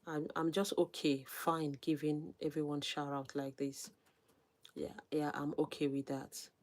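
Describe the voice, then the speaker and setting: Casting: female streamer, low voice, soft near-whispered asides, live shout-outs. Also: little pitch movement. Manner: reads viewer names, gives shout-outs; soft, unhurried, drops to near-whisper at times. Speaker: YouTuber hosting a livestream. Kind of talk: casual livestream chat, reading comments.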